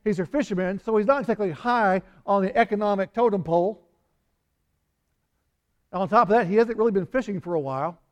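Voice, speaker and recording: Guy with a fairly high voice giving a chatty sermon, acts out the quotes. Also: fairly quick, pauses often, highs cut off. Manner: conversational, acts out quoted speech with small laughs and sighs. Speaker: pastor.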